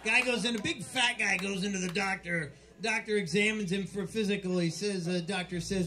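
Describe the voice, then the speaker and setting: High-voiced man telling dirty jokes. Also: brisk, hardly any pauses. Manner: rambling, stumbling delivery with loud punchlines. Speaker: stand-up comic. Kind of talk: dirty joke stand-up. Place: small club stage.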